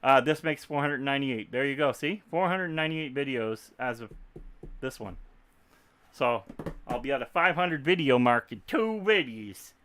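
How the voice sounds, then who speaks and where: A man's voice: mid-range voice, moderate pace, fairly bright tone, smooth. A man from Texas with a Texan accent, chatting casually to viewers on a livestream, rambling and laughing easily. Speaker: YouTube creator.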